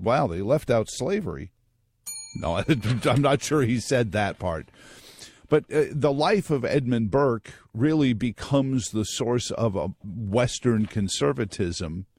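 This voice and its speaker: Man, talk radio host, low voice, dry close studio sound, wry and joking, wanders off on tangents. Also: darkish tone, no echo.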